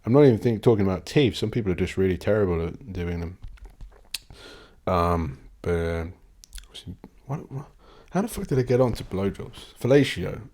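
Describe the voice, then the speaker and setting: A man with a deep, low voice hosts a casual solo podcast. He rambles and swears, cutting himself off mid-word and chuckling between thoughts. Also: lively intonation, normal speed, dark tone. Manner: rambling, sweary, self-interrupting, laughs often. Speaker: podcast host.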